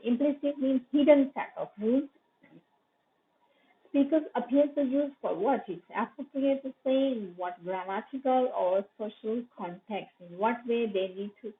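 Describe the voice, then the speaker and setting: Woman lecturer, Pakistani English, tinny audio. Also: mid-range voice. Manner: explanatory, repeats terms, frequent fillers and self-corrections. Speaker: university lecturer. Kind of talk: recorded online lecture.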